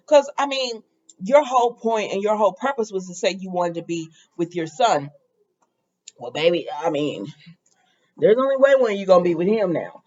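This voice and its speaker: A woman hosting a casual soap opera recap, chatty and animated, with laughing asides. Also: mid-range voice, moderate pace, muffled recording.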